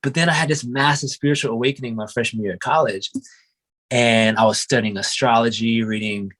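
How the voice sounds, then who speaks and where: A man's voice: medium pitch, fairly even intonation, brisk, a bit bright. A young man, a qigong and breathwork instructor, telling his life story in a casual, reflective way, often saying "you know" and "man". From United States (grew up in Oregon).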